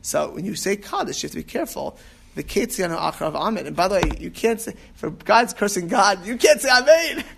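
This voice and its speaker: Guy teaching a class, kinda high for a man, rambles, keeps restarting, gets emphatic. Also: lively intonation, fairly quick, vocal fry, fairly bright tone, slight background noise. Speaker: rabbi teaching about prayer. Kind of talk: informal class talk.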